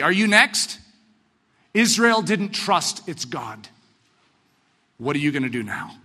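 Animated high-voiced male preacher, hall echo. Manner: animated, swings from shouting to hushed. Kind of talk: sermon.

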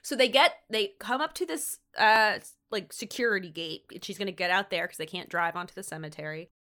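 Chatty sarcastic woman recapping a tv show on a podcast, bright tone, keeps saying like. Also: mid-range voice, brisk. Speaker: podcast co-host. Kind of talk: casual chat recapping a TV episode.

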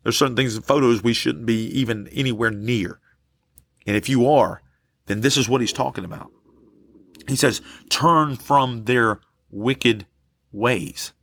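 A man preaching a passionate sermon as pastor, dragging out key words slowly for emphasis. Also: medium pitch, gravelly, slightly rough, no echo.

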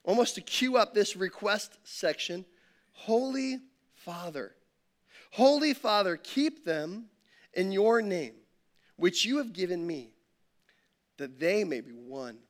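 A man's voice: sits high, expressive, slow pace. A man preaching a sermon as a campus pastor, conversational and engaging, asking the listeners rhetorical questions.

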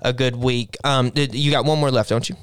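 A man's voice: medium pitch, steady tone, fairly quick, clear, resonant tone, dry recording, clean studio sound. A man co-hosting a golf betting podcast in casual chat, often restarting and stammering before he gets his words out. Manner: hesitant, many restarts and stammers. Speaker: podcast co-host.

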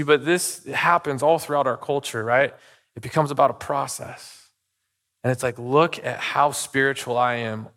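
A man's voice: mid-range voice, a bit bright. A middle-aged man preaching a sermon as pastor, talking casually and telling personal stories, checking in with "okay?" and "right?". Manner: conversational, storytelling, frequent "okay?" and "right?" asides. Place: church sanctuary. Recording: long reverb of a church hall.

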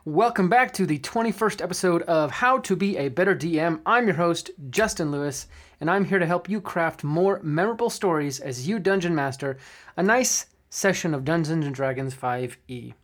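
A man's voice: on the high side, expressive, moderate pace, fairly bright tone. A man hosting a podcast about running tabletop games, talking in a friendly, chatty way with fillers. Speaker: podcast host and game master. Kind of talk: casual podcast talk.

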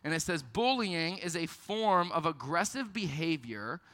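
A young man giving a youth ministry sermon, telling stories about himself in a lively, self-deprecating way. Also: fairly high pitch, a little slow. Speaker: youth pastor. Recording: long hall reverb.

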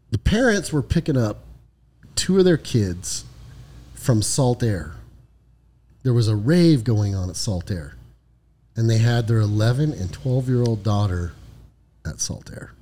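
Podcast co-host, male, ex-patrol officer; warm, low-edged tone, casual storytelling, swears a lot. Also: animated, takes it slowly, pauses often. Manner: profane, frequent "right?" tag questions. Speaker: podcast co-host, former highway patrol lieutenant.

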